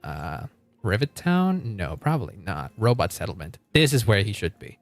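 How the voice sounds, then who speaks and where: A man's voice: lowish voice, sing-song, moderate pace, vocal fry, faint music behind. Guy streaming a game, rambly, keeps restarting sentences, lots of laughing, voice jumps around a lot. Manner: rambling, self-interrupting, laughs often. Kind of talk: casual live-stream chat.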